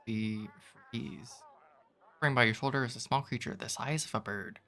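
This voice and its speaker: A man reads an adventure gamebook aloud on stream. He mixes the narration with loose, joking asides. His voice is bright and sharp, at an ordinary pitch. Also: normal speed. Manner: casual, chuckling asides.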